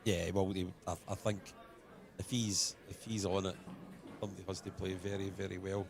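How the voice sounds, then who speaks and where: A man's voice: sits low, level tone, moderate pace. A Scottish man commentating live on a pool match, chatting colloquially and telling anecdotes.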